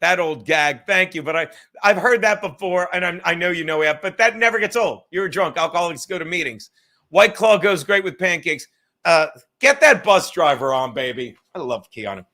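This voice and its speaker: Man, high bright voice, drunk live-stream host, profane, ranting, sarcastic. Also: expressive, normal speed. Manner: profane, ranting, sarcastic, addresses chatters by name. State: says he is drunk. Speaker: podcast host reading live chat.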